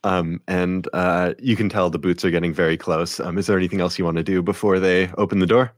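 A man running a tabletop game as game master, describing scenes in a relaxed way with frequent ums. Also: sits low, fairly quick, dry recording. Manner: relaxed, many ums, laughs easily.

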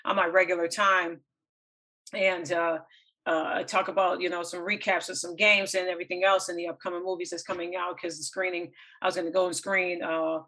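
A woman hosting her podcast, speaking earnestly and with passion, often halting and restarting her sentences. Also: lowish voice, little pitch movement, bright, forceful tone, poor audio. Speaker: podcast host. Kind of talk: emotional solo commentary.

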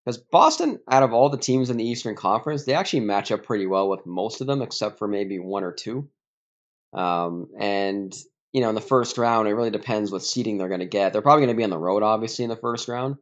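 A man calling into a sports podcast as a guest, talking through his picks in a measured, hedging way. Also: on the low side. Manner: measured, hedging, thinks out loud. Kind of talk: casual sports chat. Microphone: remote call. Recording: dull remote call line.

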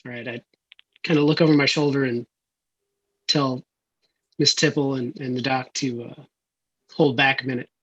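A man playing a Western tabletop game, talking in a hesitant, halting way. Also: mid-range voice, steady tone, a bit bright, slightly rough, highs cut off. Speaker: player. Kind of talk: tabletop role-play.

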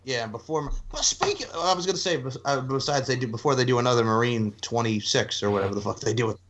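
A man co-hosting a casual wrestling chat, animated, laughing often and breaking into chants. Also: medium pitch, quick pace. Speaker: podcast co-host.

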